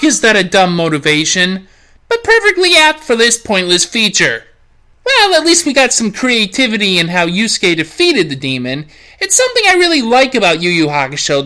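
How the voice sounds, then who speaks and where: A woman's voice: mid-range voice, very animated, normal speed, pushed and bright. A woman host narrating a snarky, profane comedic anime review.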